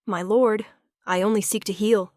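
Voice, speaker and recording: A woman voicing a frightened young servant woman who speaks gently and pleads. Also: mid-range voice, steady tone, moderate pace, dry recording, clean studio sound, close to an everyday voice. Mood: pleading. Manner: timid, pleading.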